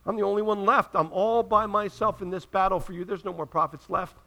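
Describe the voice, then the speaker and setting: Weary, defeated prophet who wants to give up, bright, tense tone, put on by a male preacher. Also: sits high, fairly even intonation, brisk, vocal fry, full character voice. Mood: despairing.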